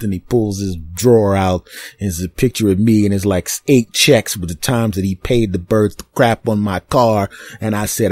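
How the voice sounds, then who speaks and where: A man with a low, husky voice hosting a podcast, spinning an animated, rambling comic story full of digressions and deadpan asides. The sound is dry and close, with no room around it. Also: moderate pace, dry recording. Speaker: podcast host. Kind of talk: comedic storytelling monologue.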